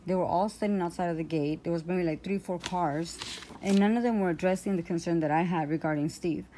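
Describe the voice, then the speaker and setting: Woman ranting on a vlog, kinda low voice, rambling, lots of um and like, fed up. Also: fairly quick, mellow, a little hiss or hum. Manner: rambling, full of fillers and restarts; aggrieved, indignant. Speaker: vlogger. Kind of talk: personal storytelling rant.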